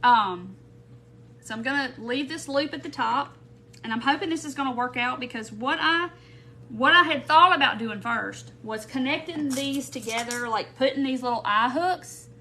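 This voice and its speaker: A woman's voice: high voice, moderate pace, bright, forceful tone, a little hiss or hum. A woman hosting a live craft stream, rambling and thinking aloud as she works and greets viewers by name. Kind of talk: casual craft tutorial chat. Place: home craft room.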